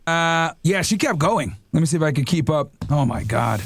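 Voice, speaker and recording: A man's voice: fairly high pitch, lively intonation, moderate pace, gravelly, husky. A man ranting casually to viewers while reading messages aloud, mocking and swearing, sometimes talking to his dog. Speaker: podcast host reading messages.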